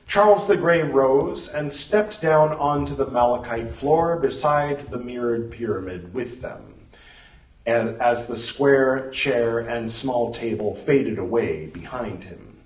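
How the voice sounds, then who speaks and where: A man narrating a story in a measured, expressive reading. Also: medium pitch. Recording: roomy, distant mic.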